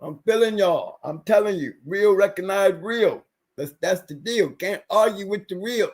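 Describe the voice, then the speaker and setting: High-voiced man ranting on a livestream. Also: lively intonation, moderate pace. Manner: ranting, repetitive, emphatic. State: recovering from illness. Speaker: livestream guest. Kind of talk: casual livestream rant.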